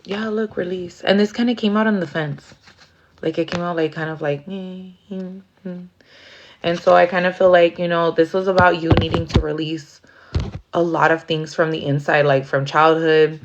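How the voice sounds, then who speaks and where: A woman's voice: low voice, steady tone, normal speed, highs cut off, slight background noise. A woman giving a casual tarot reading, rambling with lots of fillers and swearing freely. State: near tears at times. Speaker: tarot reader.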